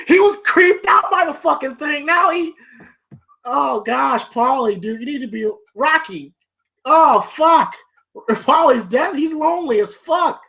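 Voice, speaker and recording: A man's voice: extremely high pitch, expressive, unhurried, gravelly, bright, forceful tone. A man talking through a film in a loose, casual review chat. He meanders from thought to thought, leans on "you know" constantly and curses without a second thought. The recording sounds dull and lo-fi. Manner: rambling, heavy on "you know" fillers, profane. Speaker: movie review co-host.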